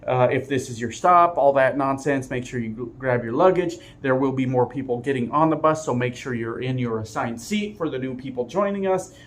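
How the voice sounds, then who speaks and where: A man's voice: medium pitch, brisk, hardly any pauses, close to an everyday voice. A man voicing a stern middle-aged male bus driver who makes blustering, threatening announcements.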